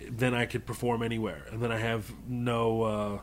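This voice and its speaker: A man's voice: mid-range voice, moderate pace. A man who works as a comedian, chatting as an interview guest, telling stories with animation and frequent laughter. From Middle East. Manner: animated storytelling, often laughing. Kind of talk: casual interview conversation.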